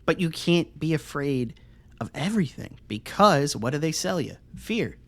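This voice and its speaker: A man co-hosting a casual podcast, ranting loudly and swearing often as he talks. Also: on the high side, moderate pace. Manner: ranting, profane, animated. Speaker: podcast co-host.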